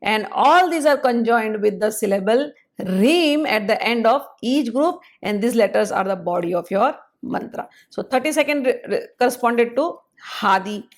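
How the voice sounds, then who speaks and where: A woman, explaining scripture in a measured spoken lecture and pausing to spell out syllables. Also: on the high side, expressive.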